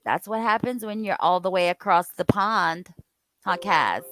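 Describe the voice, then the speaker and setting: A woman's voice: fairly low pitch, lively intonation, normal speed, fairly bright tone, no echo, low-quality recording. A woman hosting a casual live-stream chat, talking playfully and laughing often.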